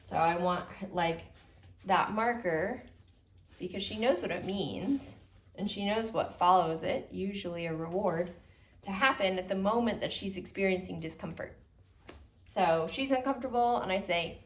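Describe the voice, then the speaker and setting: A young adult woman dog trainer explaining a handling exercise during a session, with soothing, low-key praise for the dog between explanations. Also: moderate pace. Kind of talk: hands-on training demonstration. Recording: roomy, distant mic, faint noise.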